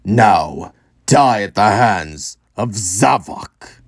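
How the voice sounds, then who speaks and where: A man voicing a hulking, contemptuous male monster warlord who delivers his threats slowly. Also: on the low side, lively intonation, exaggerated voice. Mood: menacing. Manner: slow, drawn-out threats.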